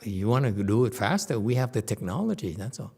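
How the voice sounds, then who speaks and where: A man giving a casual Buddhist dharma lecture as teacher, animated and joking, repeating words and mimicking voices. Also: fairly low pitch, quick pace, creaky, husky. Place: temple lecture hall.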